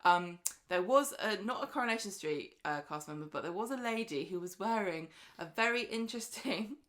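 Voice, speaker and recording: A woman's voice: mid-range voice, expressive, brisk, a bit bright. A woman co-hosting a podcast, chatting casually with teasing banter. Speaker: podcast co-host. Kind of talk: casual chat.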